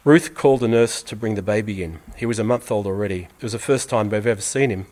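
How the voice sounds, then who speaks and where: Brief: man, fairly deep voice, earnest measured storytelling read aloud. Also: darkish tone. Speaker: reader. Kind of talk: reading a first-person story aloud.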